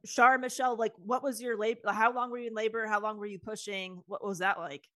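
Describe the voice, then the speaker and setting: A woman's voice: mid-range voice, steady tone, a little fast, sharp tone, no echo. A woman hosting a casual chat, asking curious questions and reacting with exclamations. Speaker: host.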